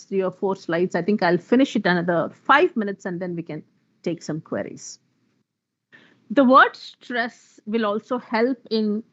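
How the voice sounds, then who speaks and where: A woman's voice: mid-range voice, highs cut off. A woman giving an online workshop talk, explaining rules and listing example words. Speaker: workshop speaker on pronunciation.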